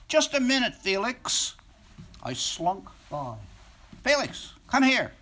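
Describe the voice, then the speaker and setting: Brief: male author reading his novel, high-pitched, animated delivery, library reading. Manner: expressive, wistful storytelling.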